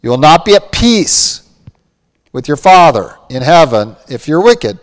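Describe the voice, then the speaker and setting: A man's voice: fairly high pitch, sing-song, unhurried, in a large hall. A man preaching a sermon with earnest emphasis, often quoting scripture. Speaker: pastor.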